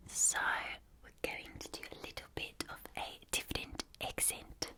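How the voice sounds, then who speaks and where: A woman voicing a whispered ASMR role with a put-on South African accent, flat, slow and repetitive. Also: close to an everyday voice. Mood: calm.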